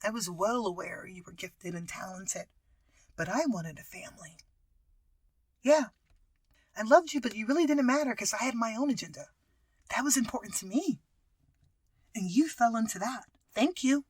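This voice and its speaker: A woman voicing a blunt husband who feels no regret, speaking in a flat, whispered tone. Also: fairly high pitch, normal speed, pauses often, slightly rough, no echo, studio quality.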